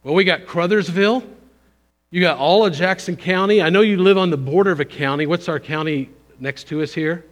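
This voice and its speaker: A man giving a conversational, folksy missions sermon in a church, pushing up for emphasis and then dropping low. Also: fairly quick. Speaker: visiting missions speaker. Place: church sanctuary. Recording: long hall reverb.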